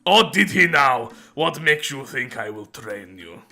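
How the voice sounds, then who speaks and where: A burly, boastful barbarian trainer in a game, talking in a thick mock Russian accent, as a man puts him on. He is gruff and teasing, and his voice swoops high and low and rings bright and forceful. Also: expressive, unhurried, soft background music, heavily acted.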